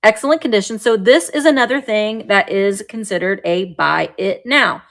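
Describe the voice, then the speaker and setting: A woman's voice: medium pitch, moderate pace. Chatty woman selling vintage live. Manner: chatty, bubbly, describes items as she handles them. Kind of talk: live sales stream.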